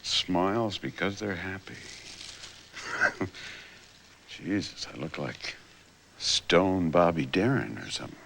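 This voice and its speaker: Older man, candid documentary storyteller, lively pitch, laughs a lot. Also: slow, gravelly, pauses often, a little hiss or hum. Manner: animated anecdotes, laughing often, acting out quotes. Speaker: artist recalling his life.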